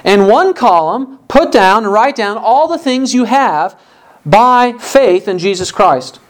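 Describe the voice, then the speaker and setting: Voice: medium pitch, lively intonation, slow pace. A preacher giving a sermon in an earnest manner, full of rhetorical questions to the listeners. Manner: acts out complaining voices in quotes.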